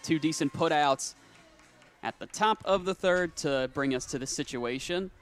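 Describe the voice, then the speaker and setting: A young man calling play-by-play for a high school softball game, quick on routine calls and rising on big plays. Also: clear, resonant tone, soft background music. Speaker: play-by-play announcer. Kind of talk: sports commentary.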